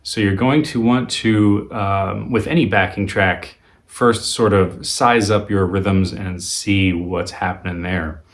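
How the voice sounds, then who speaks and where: A man teaching a guitar lesson in a relaxed, conversational way, with frequent ums and uhs. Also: low voice, takes it slowly. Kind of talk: video lesson.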